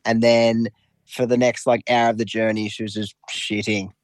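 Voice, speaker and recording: A man's voice: fairly low pitch, level tone, normal speed, background noise. Rambling man telling a story. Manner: rambling, heavy with fillers, amused. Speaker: caller. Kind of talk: casual storytelling.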